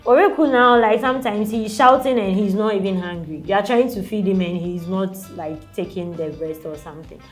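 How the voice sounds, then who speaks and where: A woman's voice: mid-range voice, a little fast, few pauses, soft background music. Chatty Ghanaian woman, easygoing. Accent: Ghanaian English. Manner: chatty, peppered with "like" and laughs. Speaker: interviewee mother. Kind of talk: casual chat.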